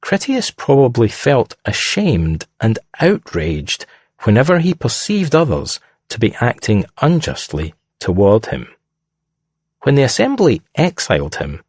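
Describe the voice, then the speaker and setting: A man reading scripted narration in a measured, deliberate way. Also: mid-range voice, a little mellow, husky, no room sound.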